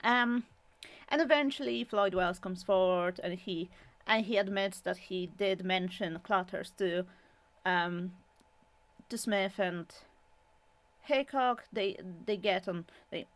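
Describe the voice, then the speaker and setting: A woman hosting a video, summarizing a true-crime book in a casual, animated way, with exclamations, rants and lots of fillers. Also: mid-range voice. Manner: animated, exclaiming, quick asides; many fillers and restarts, chatty.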